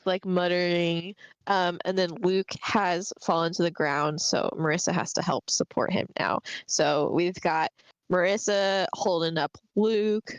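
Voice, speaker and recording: A woman's voice: fairly low pitch, clear, resonant tone, no echo, lo-fi sound. Chatty woman, dry close sound. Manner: chatty, laughing, swears casually. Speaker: podcast co-host. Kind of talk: casual book discussion livestream.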